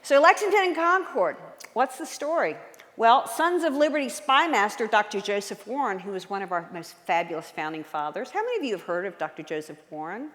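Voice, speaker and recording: A woman's voice: medium pitch, big pitch swings, a little fast, a bit bright. A woman author giving an enthusiastic history talk to a live audience in a church, often quizzing them with questions. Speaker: guest speaker and author. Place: large church hall. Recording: long hall reverb.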